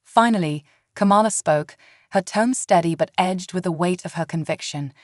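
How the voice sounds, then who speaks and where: Low-voiced woman narrating a story. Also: normal speed, no echo, studio quality.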